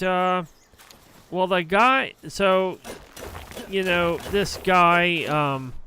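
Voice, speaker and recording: A young man with a slightly high, bright voice that comes across smooth and crisp. He tells a heated, profanity-laced story in a casual streamer's ramble and takes his time over it.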